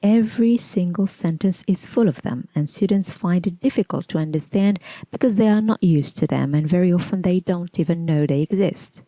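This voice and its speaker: In a scripted English pronunciation lesson, a woman speaks in a measured, deliberate way, slowly enunciating example words. Her voice is on the low side and warm in tone, with no echo.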